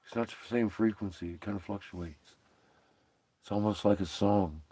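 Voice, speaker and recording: A man's voice: lowish voice, fairly even intonation, normal speed, dark tone, slightly rough, dry recording. A man hosting a livestream, rambling and profane in casual chat, often breaking into laughter. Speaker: livestream host.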